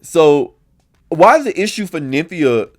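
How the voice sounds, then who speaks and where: Animated, blunt male podcast host. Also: a little high, unhurried. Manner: chatty, blunt and expressive, with frequent swearing. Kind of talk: casual reaction commentary.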